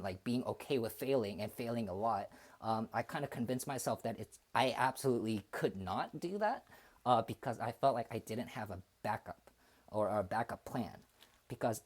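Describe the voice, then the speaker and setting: A young man in his twenties talks through his thoughts on a casual livestream. His voice sits at an ordinary middle pitch, and he pauses often, circling back with ums and restarts as he reflects. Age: 20s. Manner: hesitant and reflective, many fillers and restarts. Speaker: streamer.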